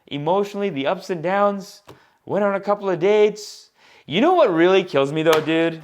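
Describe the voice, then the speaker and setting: Brief: a male comic podcast host with a slightly high voice, riffing loosely and animatedly to listeners. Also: moderate pace. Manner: animated, rambling, talks straight to listeners. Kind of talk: casual comedic monologue.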